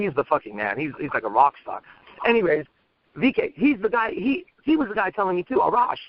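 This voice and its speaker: Brash, foul-mouthed man coaching fast. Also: on the high side, lo-fi sound. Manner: brash and swearing, fast and animated. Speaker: dating coach. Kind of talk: profane, fast role-play coaching.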